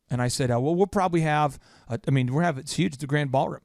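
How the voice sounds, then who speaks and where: Male podcast host with a raised voice, rapid-fire storyteller, poking fun at himself, dry close sound. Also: a little high, no room sound. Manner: animated, rapid-fire, self-mocking. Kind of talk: storytelling in casual chat.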